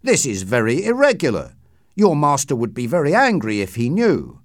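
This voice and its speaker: Male reader doing formal Victorian lawyer, raised and loud, dry close read. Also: on the high side, wildly swooping pitch, a little slow, dry recording, voice pushed up. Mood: irritated. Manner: formal, questioning, grows alarmed. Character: stern Victorian gentleman lawyer, man.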